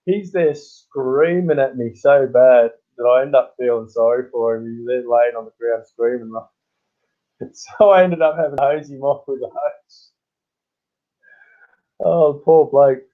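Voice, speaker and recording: A man's voice: mid-range voice, steady tone, measured pace. An Australian man hosting a casual livestream. He tells long, rambling stories and chuckles often. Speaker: livestream host. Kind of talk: casual live-stream chat. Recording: tinny phone-like sound.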